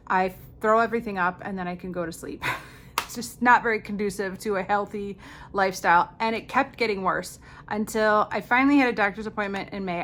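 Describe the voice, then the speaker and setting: A woman in her fifties with a mid-range, fairly bright voice chats casually while applying makeup. As a makeup vlogger in a get-ready-with-me video, she rambles through stories and drops dry, sarcastic remarks.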